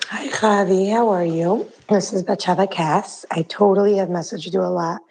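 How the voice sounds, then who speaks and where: A hoarse woman in her thirties leaving a rambling, chatty voice note on her phone. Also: medium pitch, steady tone, moderate pace, darkish tone, rough recording. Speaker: listener sending a voice note. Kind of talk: casual voice note. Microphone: phone voice message.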